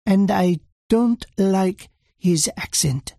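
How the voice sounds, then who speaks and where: Guy voicing a stern french teen girl soldier, raised pitch, stiff formal talk, slow creaky delivery. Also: dark tone, no echo, studio quality, heavily acted. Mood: pointed. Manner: formal, clipped and unsmiling. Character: stern, serious teenage French girl warrior.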